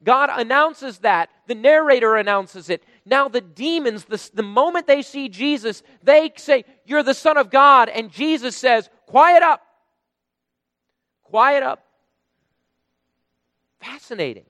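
A man preaching a sermon, emphatic, rising to loud bursts when he quotes. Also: extremely high pitch, lively intonation, moderate pace, few pauses, no echo, in a large hall. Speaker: pastor.

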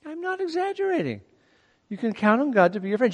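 A man's voice: extremely high pitch, quick pace, in a large hall. A middle-aged man preaching a sermon in a conversational way, often asking his listeners questions. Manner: animated, conversational, asks the audience questions.

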